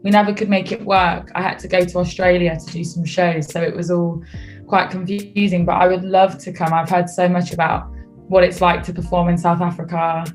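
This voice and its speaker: A young woman with a British accent speaks in a fairly low voice, relaxed and chatty, as a guest in a radio interview. Faint music plays softly behind her. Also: a little fast. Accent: British English. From United Kingdom. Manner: relaxed, chatty, laughs easily. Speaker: singer guest.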